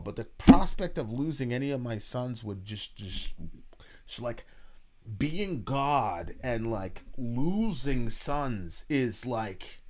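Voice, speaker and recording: A man's voice: mid-range voice, darkish tone, a little hiss or hum. Regular guy talking on a reaction show, kinda stumbly and earnest, swears casually. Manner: halting, repeats words, casual swearing; earnest and reflective. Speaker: podcast co-host, father.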